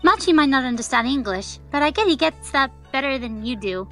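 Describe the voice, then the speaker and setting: A woman's voice: high voice, expressive, a little fast, pushed and bright, soft background music. Teasing woman in group game chat. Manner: teasing, sarcastic. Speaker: let's play co-commentator. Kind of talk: casual group commentary.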